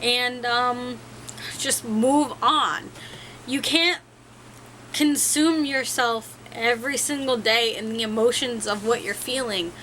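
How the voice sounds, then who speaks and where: A woman's voice: on the high side, slow, sharp tone, slight background noise, poor audio. A young woman talking frankly to the camera in a rambling, self-mocking way. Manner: rambling, frank, laughs at herself. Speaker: vlogger. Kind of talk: casual talk to camera.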